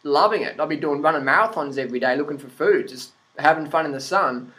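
A man's voice: on the high side, fast talker, bright, forceful tone. A man vlogging a blunt, profane opinion rant to the camera, laughing at his own points.

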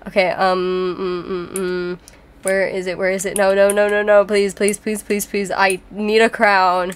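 A woman's voice: mid-range voice, slight background noise. A young woman doing casual, giggly commentary while playing a game, with dramatic squeals. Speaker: gaming YouTuber.

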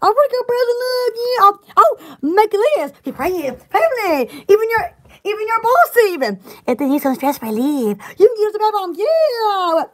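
Very high-pitched, giggly rambling woman. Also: very animated, normal speed. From Alabama, US. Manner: rambling and giggly, with many restarts and exclamations. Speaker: vlogger chatting to viewers. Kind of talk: casual chat.

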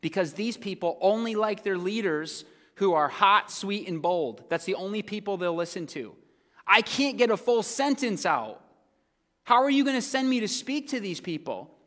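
A pastor putting on anxious, pleading Moses. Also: male voice, high-pitched, moderate pace, fairly bright tone, in a large hall. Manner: pleading, nervous. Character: anxious self-doubting male Moses pleading with God.

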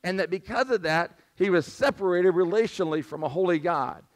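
Man, pastor preaching, high pitch, strained squeaky voice, asks the room for responses. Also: fairly quick. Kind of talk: sermon. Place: church sanctuary.

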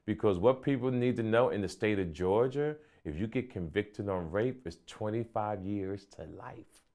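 A male comedian calmly recounting a personal story in an interview. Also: fairly low pitch, normal speed. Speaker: comedian guest.

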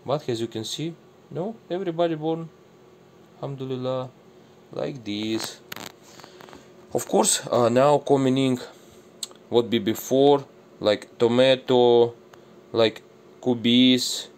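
A man whose first language is Russian walks through his home plants in halting, broken English, dropping in Indonesian words and Arabic blessings. His voice sits at an ordinary middle pitch. He talks in a loose, chatty, unscripted way. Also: a little mellow. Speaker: gardening vlogger. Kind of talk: casual garden walkthrough.

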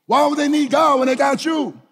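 A middle-aged male pastor, preaching a lively sermon that swings from shouts to hushed low lines. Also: brisk. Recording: hall reverb.

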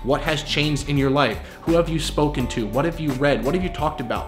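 A man's voice: mid-range voice, brisk, hardly any pauses, over music. Earnest man lecturing in a vlog. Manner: earnest, lecturing, repeats himself when emphatic. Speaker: commentary youtuber. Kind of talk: casual commentary vlog.

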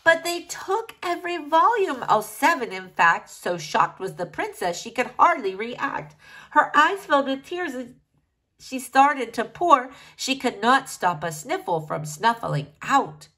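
A woman reading a rhyming children's storybook aloud in an expressive, sing-song way. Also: high-pitched, measured pace, low-quality recording.

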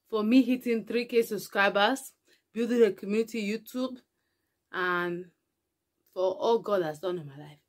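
Young girl vlogging, chatty, laughs a lot, drops into quiet mumbly bits, average pitch. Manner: chatty, laughs often, mumbles and hums softly. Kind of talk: casual chat to camera.

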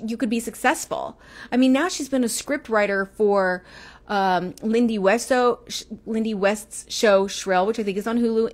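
Chatty lady on a livestream, rambling, answering comments as they come in. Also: fairly high pitch. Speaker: livestream host. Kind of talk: casual livestream chat.

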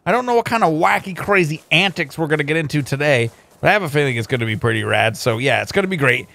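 A man hosting a gameplay video, upbeat and excitable, joking with a guest. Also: on the high side, fast, vocal fry. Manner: upbeat and excitable, playful banter. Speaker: host. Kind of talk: casual gameplay commentary.

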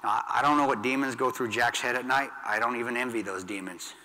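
A man's voice: medium pitch, fairly even intonation, fast. Intense veteran man speaking in a hall. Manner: blunt, intense, swings from loud to hushed. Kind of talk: storytelling speech to an audience. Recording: long hall reverb.

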